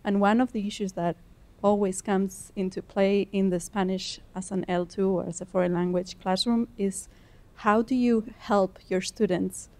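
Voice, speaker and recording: A woman in the audience of a lecture hall, her voice warm and mellow. She builds a long, winding question and admits her own weaknesses as she goes. Her tone is that of a language teacher talking to an expert. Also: mid-range voice, steady tone, normal speed. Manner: wordy, self-deprecating question. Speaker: audience member, Spanish teacher.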